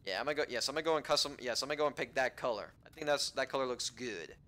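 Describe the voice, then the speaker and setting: A man giving casual let's-play commentary, rambling to himself with frequent restarts, swearing and sudden excited outbursts. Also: medium pitch, very fast.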